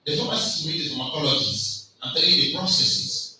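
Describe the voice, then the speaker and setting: An African man giving a loud, emphatic motivational lecture at a conference, quizzing the audience with call-and-response questions. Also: fairly high pitch, lively intonation, brisk. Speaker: conference speaker. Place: large lecture hall. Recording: echoey hall, mic far off, faint noise.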